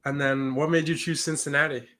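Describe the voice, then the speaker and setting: Bright-voiced male sports interviewer. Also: on the high side, flat delivery, a little fast. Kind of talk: casual interview questions.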